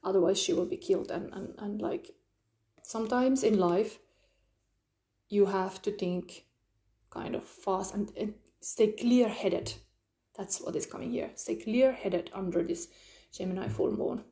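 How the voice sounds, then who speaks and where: Mellow-voiced woman rambling through a tarot reading. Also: mid-range voice, unhurried. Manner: rambling, searching for words, frequent fillers. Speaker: tarot reader. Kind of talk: live-streamed tarot reading.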